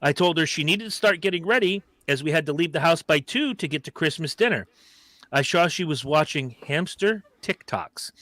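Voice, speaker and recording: A man's voice: fairly high pitch, no echo. A man hosting a casual comedy podcast, reading out a listener's story with sarcastic asides and plenty of swearing. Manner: animated, sarcastic, swears freely.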